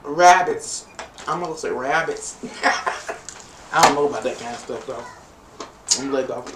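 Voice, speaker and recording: A tarot reader gives a chatty, playful live-stream reading, tossing teasing asides to viewers in a medium-pitched, measured voice. The recording sounds echoey and distant from the mic, with faint noise.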